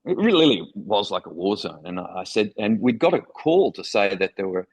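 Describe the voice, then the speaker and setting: A man's voice: on the low side, big pitch swings, normal speed, husky, low-quality recording. A middle-aged man from Australia with an Australian accent, a former foreign correspondent telling vivid stories with enthusiasm in an interview. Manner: enthusiastic, vivid anecdotal storytelling. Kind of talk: storytelling interview.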